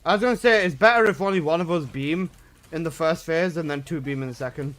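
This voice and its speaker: A high-voiced man livestreaming a game. He talks in loose, excitable slang, casual and quick to react to his squad. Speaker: game streamer. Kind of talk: casual live-stream chat.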